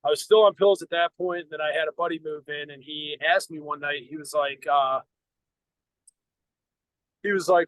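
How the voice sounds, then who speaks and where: A man's voice: a little high, moderate pace, long pauses, a bit bright, dry recording, rough recording. A middle-aged American man, a podcast co-host, telling a long personal story in a blunt, profane, rambling way with many restarts. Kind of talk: casual storytelling.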